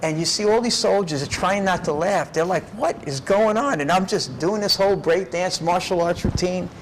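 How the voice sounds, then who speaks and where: A middle-aged man telling his life story in an interview, animated and often tagging his lines with "right?". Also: high voice, moderate pace, a little hiss or hum, poor audio. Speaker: documentary subject.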